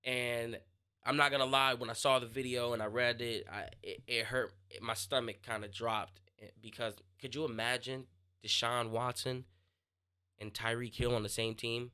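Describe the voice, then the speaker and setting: A young man hosting his own sports podcast, talking casually and answering listener questions, pausing and restarting mid-thought as he works out what he wants to say. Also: mid-range voice, flat delivery, bright, forceful tone, clear, resonant tone. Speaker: podcast host.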